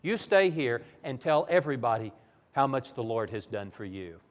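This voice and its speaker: A preacher voicing a calm, firm teacher. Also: male voice, mid-range voice, moderate pace, voice pushed down, close to an everyday voice. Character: calm adult male teacher, firm and gentle.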